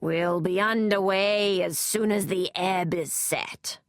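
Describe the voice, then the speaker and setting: A woman's voice: fairly low pitch, steady tone, slow pace, fairly bright tone, no room sound, clean studio sound. A woman voicing a playful grown man who growls in a put-on seaman's accent. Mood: growling. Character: playful grown man faking a gruff sailor.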